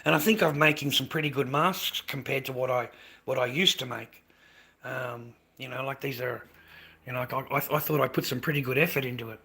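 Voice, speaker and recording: An Australian man in middle age chats on his livestream in a bright, forward voice. He rambles, repeats his points, and drops in mate and the odd swear word. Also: mid-range voice, a little fast, breathy edge. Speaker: livestreamer selling handmade masks. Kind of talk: casual livestream chat.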